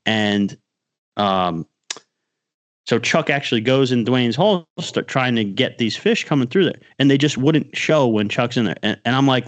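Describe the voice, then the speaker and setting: Excited male podcast storyteller. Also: medium pitch. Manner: excited storyteller, fast and animated. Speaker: podcast co-host. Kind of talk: casual chat.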